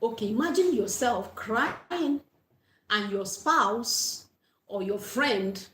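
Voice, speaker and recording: A woman's voice: on the high side, animated, takes it slowly, a bit bright, slight background noise. A woman giving an earnest parenting talk on a livestream, repeating her key points and blessing her viewers. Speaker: parenting coach. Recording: echoey room.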